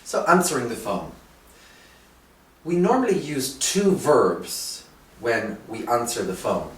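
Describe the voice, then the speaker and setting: A man's voice: medium pitch, very animated, far from the mic. Male English teacher in a roomy space. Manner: slow, clear, drawn-out teaching with rising emphasis. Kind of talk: teaching language lesson. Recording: roomy echo, voice from off the mic.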